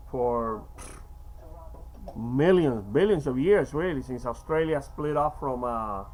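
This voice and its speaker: A man in his fifties from Cuba with a slight Cuban Spanish accent, talking in a rambling, halting way with many fillers and restarts. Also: a little high, poor audio. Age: 50s. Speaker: vlogger. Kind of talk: rambling casual monologue.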